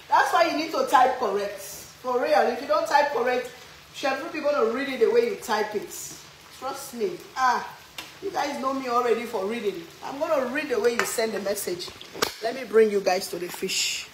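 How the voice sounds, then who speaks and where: Cooking at home on a live stream, a woman with a slightly high voice banters with her viewers, reading their comments and teasing them. She's animated and exclaims a lot, speaking at normal speed over a noisy background.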